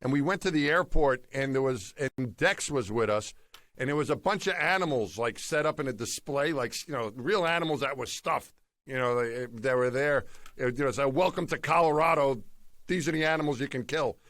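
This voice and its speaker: A man's voice: medium pitch, a little fast, a bit bright, dry recording. A man from New York City, a co-host telling rambling anecdotes in casual chat, laughing often. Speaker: podcast co-host.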